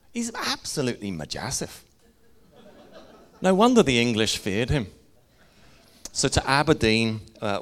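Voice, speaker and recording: A man's voice: medium pitch, fairly bright tone, clean tone. A middle-aged man, preaching a sermon in an earnest, conversational way and sharing personal stories. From Northern Ireland. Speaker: pastor.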